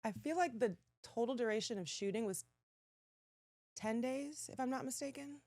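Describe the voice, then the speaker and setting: A woman guest in a casual chat, telling animated stories and laughing often. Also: a little high, normal speed, dry recording, studio quality.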